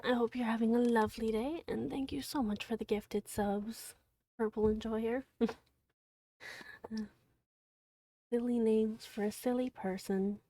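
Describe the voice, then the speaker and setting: A young woman streamer chatting quietly and gently, half-whispering as she recaps a book she reads aloud. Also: fairly high pitch, fairly even intonation, unhurried, long pauses, recorded from a distance, slight background noise. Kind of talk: gentle soft-spoken livestream chat.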